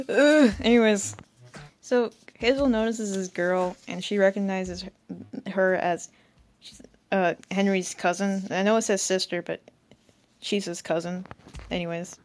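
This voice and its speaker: A woman's voice: medium pitch, fairly even intonation, measured pace. A young woman vlogger reading her old story aloud and roasting it with sarcastic, giggly commentary. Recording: faint background music.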